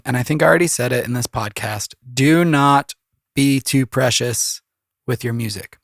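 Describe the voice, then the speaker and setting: A man's voice: medium pitch, vocal fry, fairly bright tone, dry recording, clean studio sound. A man with a cold, giving loose, rambling advice in a casual solo podcast, full of fillers. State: has a cold, voice deeper than usual. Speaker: composer and podcast host.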